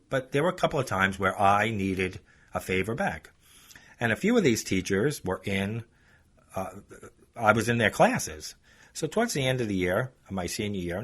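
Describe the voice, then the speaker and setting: A man's voice: fairly low pitch, a bit bright. A male podcast host telling a story in a chatty, casual way, talking straight to his listeners. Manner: chatty, addresses listeners as folks.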